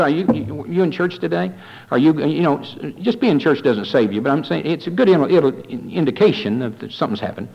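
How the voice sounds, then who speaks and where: A man preaching a fiery sermon, swinging from quiet warnings to loud rising appeals, calling his listeners folks. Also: fairly high pitch, lively intonation, brisk, gravelly, highs cut off. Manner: addresses listeners as "folks", repeats phrases.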